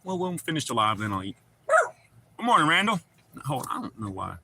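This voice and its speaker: A man's voice: mid-range voice, sing-song, fast, creaky, very noisy. A man hosting a livestream, chatting casually and profanely with viewers and joking around. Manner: profane, joking, talks back to chat. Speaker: livestream host.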